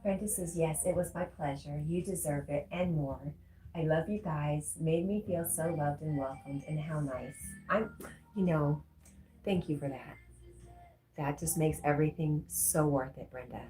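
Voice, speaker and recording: A woman's voice: low voice, a little slow, soft background music. A woman hosting a casual livestream, reading viewers' comments aloud and answering them. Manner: warm, reads chat comments aloud, gets emotional. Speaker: livestream host reading chat.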